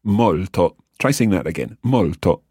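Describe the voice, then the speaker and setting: A man with a very deep, slightly husky voice teaches a language lesson. His pitch moves a lot as he explains patiently and sounds out each word slowly. The recording is dry and close, with no room sound. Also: animated, mellow, no room sound.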